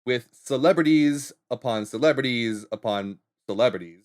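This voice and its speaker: A man's voice: medium pitch, normal speed. Upbeat man explaining internet trends. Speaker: guest internet trends reporter. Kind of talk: casual chat.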